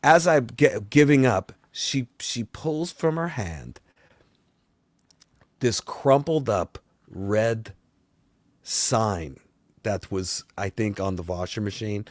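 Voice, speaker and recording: A man's voice: fairly low pitch, slow pace, pauses often, no echo. A man playing a boastful vampire talk-show host, telling a rambling, exasperated story and swearing along the way. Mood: ranting. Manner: rambling and exasperated, swears, voice often climbs and grows loud. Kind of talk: comedic rant.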